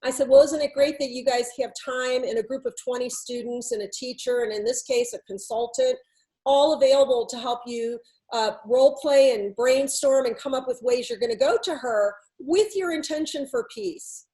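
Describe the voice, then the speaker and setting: A woman podcast host and workplace consultant, telling a story with animated, quoted dialogue. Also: high-pitched, moderate pace, rough recording. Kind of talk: storytelling talk.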